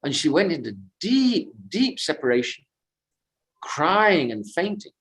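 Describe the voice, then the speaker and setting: A man's voice: fairly high pitch, sing-song, poor audio. Man telling devotional stories at a lakeside. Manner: unhurried, reflective, drifting between anecdote and commentary. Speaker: pilgrimage tour speaker. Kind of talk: devotional storytelling talk. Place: at a sacred lake on a pilgrimage walk.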